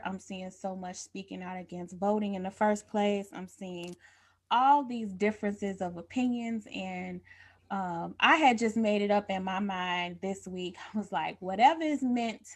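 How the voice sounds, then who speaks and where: A woman co-hosting a live-streamed talk show, telling stories in a chatty, colloquial way and laughing often. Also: mid-range voice. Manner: informal, colloquial speech. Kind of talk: casual livestream chat.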